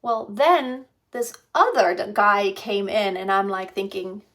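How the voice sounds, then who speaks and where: A woman in her fifties vlogs into a phone propped on a stand, casually telling a rambling pregnancy story with many fillers and restarts. Her mid-range voice is fairly bright and keeps a measured pace.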